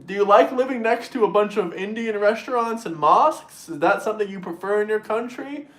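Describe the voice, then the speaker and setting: A man hosting a political livestream, ranting in a mocking, crude, sarcastic way and mimicking opponents in shrill voices. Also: brisk, fairly bright tone, echoey room. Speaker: livestream host reading super chats.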